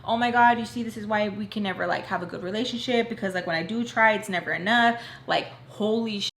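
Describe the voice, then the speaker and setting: A young woman chats through a personal story for her viewers, her voice sitting at an ordinary middle pitch. She rambles casually and leans on "like" as she goes. The room gives her a roomy echo over a faint hiss. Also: fast talker, a bit bright. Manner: chatty, fills talk with "like", talks to viewers as "y'all". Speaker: vlogger telling a story.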